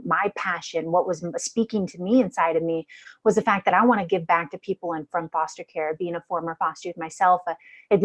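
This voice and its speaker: A middle-aged woman host telling her own story in an earnest, animated way during a conversational interview. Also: lowish voice, rough recording. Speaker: podcast host.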